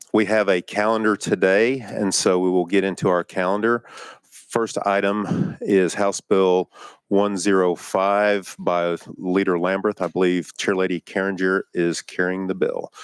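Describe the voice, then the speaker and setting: A man with a fairly low voice chairs a legislative hearing, calling bills and votes in a plain, procedural manner. He fills pauses with "uh" and "um." The sound is dry and close on a desk microphone. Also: little pitch movement, clean tone, dry recording. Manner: procedural, plain-spoken with frequent fillers. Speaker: committee chairman.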